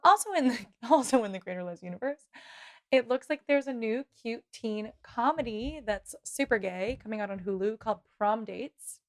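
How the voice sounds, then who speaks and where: A woman's voice: on the high side, expressive, moderate pace, no room sound, clean studio sound. A woman co-hosting a podcast, chatty and enthusiastic, laughing often in casual chat. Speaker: podcast co-host.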